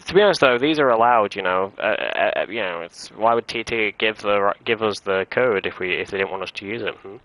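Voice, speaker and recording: A man's voice: fairly low pitch, fairly quick, few pauses, a bit bright. Rambling young male game streamer. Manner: rambling, chatty, nostalgic, filler-heavy. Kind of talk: casual gaming stream commentary. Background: game music.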